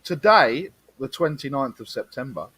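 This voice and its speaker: A man's voice: medium pitch, lively intonation, moderate pace, fairly bright tone, slightly rough, dry recording. A man co-hosting a casual podcast, reading football history in a chatty, stumbling way. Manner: chatty, stumbling and repeating himself. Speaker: podcast co-host.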